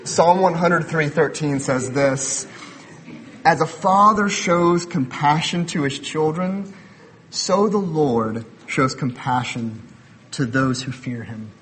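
A man's voice: on the high side, slow, fairly bright tone, slight background noise. A man in his thirties giving a sermon as a pastor, conversational, mixing personal stories with building emphasis.

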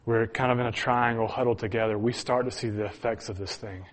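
A man's voice: mid-range voice, steady tone, brisk. A man preaching, telling a personal story to his congregation with earnest, chuckling delivery and frequent restarts. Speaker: pastor. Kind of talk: sermon storytelling.

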